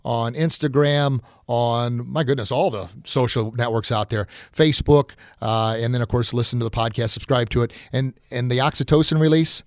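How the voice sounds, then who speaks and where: A man's voice: medium pitch, fairly even intonation, moderate pace, few pauses, no room sound. Man, podcast host, motivational talk, folksy, encouraging, dry close sound. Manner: folksy, encouraging, frequent fillers.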